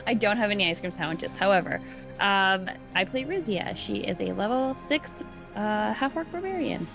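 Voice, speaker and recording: Brief: female player, bubbly and giggly, mid-pitched, music clearly under her. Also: expressive, moderate pace. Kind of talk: casual self-introduction on a game stream.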